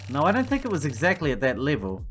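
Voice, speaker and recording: A man's voice: a little high, huge pitch swings, fast talker, slight background noise. A man reading a chatty easygoing agent. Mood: explaining. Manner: casual, rambling, filler-heavy. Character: chatty laid-back male agent, young adult. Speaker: game reader voicing characters. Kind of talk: reading game dialogue aloud.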